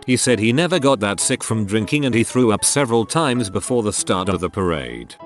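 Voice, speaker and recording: A man narrating online stories with a steady, even read-aloud delivery. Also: on the low side, a little fast, soft background music. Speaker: story narrator.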